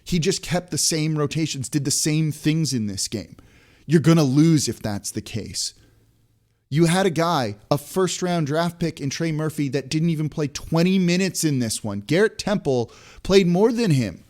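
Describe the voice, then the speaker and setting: A man's voice: a little high, expressive, moderate pace, darkish tone. A man hosting a sports podcast, ranting in exasperation with many restarts and rhetorical questions. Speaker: podcast host. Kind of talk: frustrated sports podcast rant.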